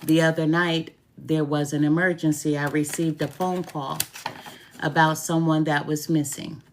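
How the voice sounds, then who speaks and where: A woman's voice: sits low, level tone, unhurried, a little hiss or hum. A middle-aged woman, a tarot reader and root worker, talking casually to camera, chatty and heartfelt, repeating her phrases for emphasis. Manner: heartfelt, openly grateful.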